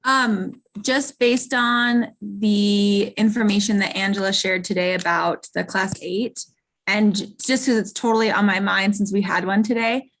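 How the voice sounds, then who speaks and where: Woman on a zoom call asking stuff, casual, easy tone. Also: mid-range voice. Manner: casual, asks questions. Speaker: task force member. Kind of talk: meeting discussion.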